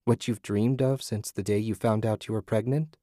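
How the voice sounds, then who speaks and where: A man voicing a calm, genderless spirit that speaks soothingly. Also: lowish voice, dry recording, studio quality, natural voice. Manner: soothing, gentle, unhurried.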